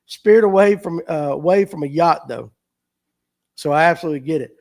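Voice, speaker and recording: A man's voice: on the high side, normal speed, gravelly, darkish tone. Folksy man hosting a fishing stream. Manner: folksy, joking, reads comments aloud and riffs on them. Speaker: host of a fishing talk stream. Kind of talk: casual live-stream chat reading viewer comments.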